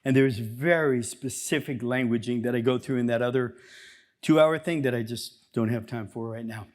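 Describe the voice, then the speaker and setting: A man speaking as a chiropractor at a seminar, talking to a live audience in an energetic, conversational way and acting out bits of dialogue. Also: mid-range voice, normal speed. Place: seminar room before an audience.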